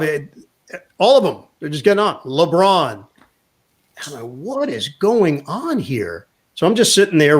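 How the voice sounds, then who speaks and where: A man, a sports broadcaster, telling an animated anecdote in a casual interview and quoting people along the way. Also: a little high. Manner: animated anecdote teller, quotes others in voices.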